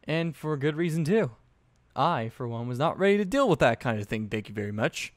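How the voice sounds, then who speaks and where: A man's voice: a little high, lively intonation, a little fast, no room sound. Young guy reading fanfic, drops swears in asides, dry close mic. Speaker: fanfiction narrator. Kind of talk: casual story narration.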